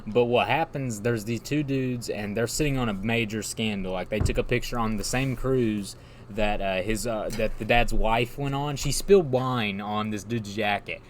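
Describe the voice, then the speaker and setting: Man rambling through an excited recap. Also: on the low side, normal speed, slight background noise. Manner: rambling, enthusiastic plot recap with laughter. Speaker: podcast co-host. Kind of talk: casual chat.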